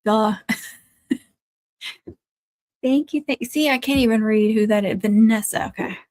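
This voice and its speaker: A woman with a drawl chats loosely with her livestream viewers from home. Her voice sits a little high and sounds close and dry, with no room around it. She laughs often and turns soft when she talks to her dogs. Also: a little slow, no room sound. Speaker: craft livestream host. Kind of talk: casual livestream chat with viewers. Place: at home in the country.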